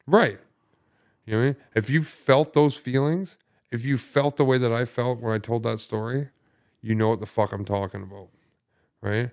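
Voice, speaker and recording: A man's voice: mid-range voice, steady tone, moderate pace, a little mellow. A young man, a podcast guest, telling his recovery story in casual talk, rambling with many fillers and heavy swearing.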